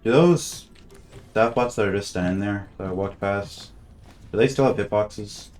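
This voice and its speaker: Male game streamer, very low voice, loose chatty commentary. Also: moderate pace, a little mellow, soft background music. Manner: thinking aloud, chatty, trails off and restarts. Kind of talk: casual gameplay commentary.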